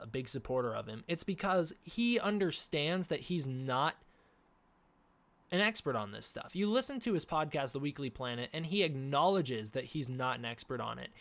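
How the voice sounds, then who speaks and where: Male streamer on a casual rant, scratchy sore throat, animated and full of fillers. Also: on the high side. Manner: animated, ranting, lots of fillers and restarts. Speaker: livestream host.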